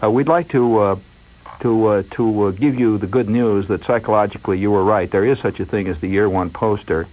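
A man's voice: fairly low pitch, a little fast, a little mellow, highs cut off. A man hosting a late-night radio show, telling a rambling story in a mock-anxious way and asking listeners to call in.

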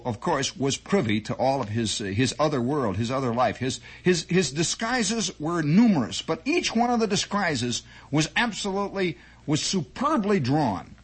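Husky man telling a rambling story. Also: a little high. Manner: digressive, animated, many restarts and asides. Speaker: radio host.

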